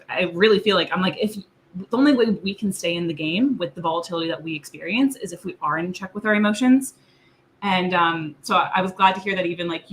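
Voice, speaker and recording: A woman speaking on a panel in a reflective, halting way, with many likes and restarts. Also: on the low side, a bit bright, a little hiss or hum, poor audio. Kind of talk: casual panel talk.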